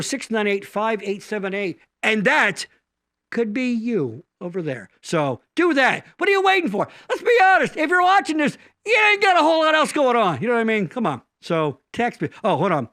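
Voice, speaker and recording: Man, middle-aged, high bright voice, lively swings, joking, rambling, crude, stream co-host. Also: brisk, no room sound, studio quality. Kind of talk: casual live stream banter.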